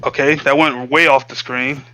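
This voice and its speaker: Bright-voiced excitable man playing a tabletop game. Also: mid-range voice, normal speed, no room sound, low-quality recording. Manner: excitable, swears freely, speaks in character. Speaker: player. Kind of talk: casual tabletop game play.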